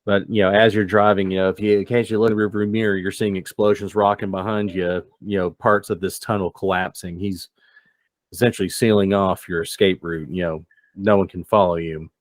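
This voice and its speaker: Low-voiced man narrating a tabletop game. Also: a little fast, no echo. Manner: relaxed, descriptive, loose with fillers. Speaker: game master.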